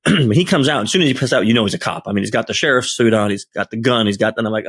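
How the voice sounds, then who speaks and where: A man's voice: fairly low pitch, quick pace, dry recording, studio quality. A man on a podcast telling a work story in casual chat, acting out the voices of people he quotes. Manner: animated, acts out quoted dialogue. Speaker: podcast host and security tester.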